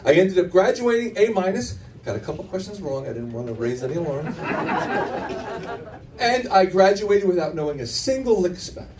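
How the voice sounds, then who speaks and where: Brief: middle-aged male comic, brash and profane, animated delivery, slightly distant mic. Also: high voice, brisk, a crowd in the background. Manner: brash, profane storytelling with self-mocking asides. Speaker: stand-up comedian. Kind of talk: stand-up comedy routine. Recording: faint room noise, mic from afar.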